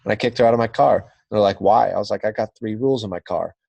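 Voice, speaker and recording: A man's voice: lowish voice, fast talker, vocal fry, a little mellow, breathy edge, no echo. A man telling a story as a podcast guest, swearing freely and acting out the quotes. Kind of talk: casual storytelling.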